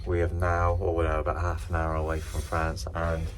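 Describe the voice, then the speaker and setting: A man's voice: low-pitched, completely flat delivery, a little fast. Laid-back jokey man vlogging. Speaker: vlogger on a fishing trip. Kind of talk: casual vlog chat. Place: outdoors and in a car. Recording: lo-fi with noise.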